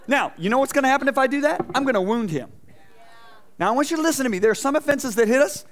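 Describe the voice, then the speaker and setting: A middle-aged man preaching an energetic sermon to a congregation, telling stories with acted-out voices and swinging between loud and soft. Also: extremely high pitch, quick pace, slight background noise. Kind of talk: energetic sermon with stage demonstration. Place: church stage before a congregation.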